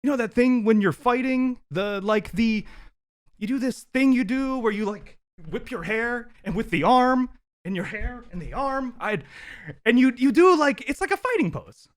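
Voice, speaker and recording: A man's voice: very high-pitched, expressive, moderate pace, voice pushed up. A man playing a teasing young Russian woman spy with a put-on Russian accent, rambling and mocking. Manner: rambling, mocking, fumbling for words.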